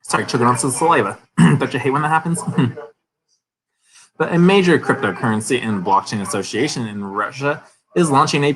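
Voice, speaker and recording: A man's voice: mid-range voice, poor audio. A man hosting a crypto news channel, reading articles aloud and breaking off for chatty asides and laughs. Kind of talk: casual news reading and commentary.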